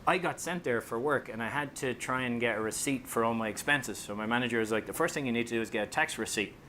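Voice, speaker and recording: A fast-talking man from Ireland gives a funny presentation on public speaking to an audience. He tells stories, jokes, acts out voices, and his voice rises high when he gets excited. A little hiss or hum is audible.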